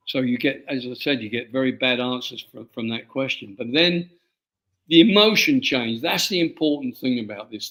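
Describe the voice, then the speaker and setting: An older man from England, an author being interviewed, telling stories from his life with many halting restarts and repeated words. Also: mid-range voice, fairly bright tone. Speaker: author guest. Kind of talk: interview storytelling.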